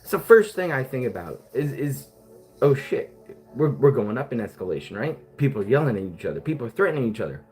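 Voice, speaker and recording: A man's voice: mid-range voice, a little fast, faint music behind. A man with a past as a police officer, talking casually and bluntly with lots of swearing. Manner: blunt, heavy swearing, animated. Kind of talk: casual talk.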